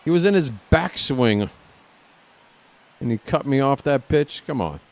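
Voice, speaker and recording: A gaming streamer, a man lounging in a chair at home, plays live and talks back to the game, reacting loudly. His voice is mid-range and expressive, and he speaks a little slowly.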